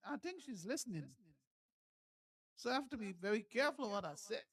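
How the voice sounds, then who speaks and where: A man, one of the authors, speaking in a wry, hesitant way with pauses. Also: high-pitched, animated, a bit bright, slightly rough, no echo.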